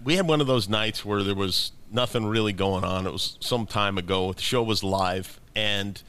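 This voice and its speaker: Male podcast co-host, lower voice, teasing and easygoing, casual chat. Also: normal speed, a bit bright, smooth. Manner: teasing, reads listener questions.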